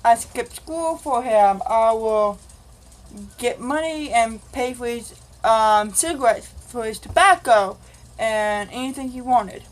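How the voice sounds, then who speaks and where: A woman's voice: fairly high pitch, lively intonation, slow, poor audio. A woman vlogger telling a rambling, casual confessional story and acting out the dialogue. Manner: rambling, acts out quoted dialogue.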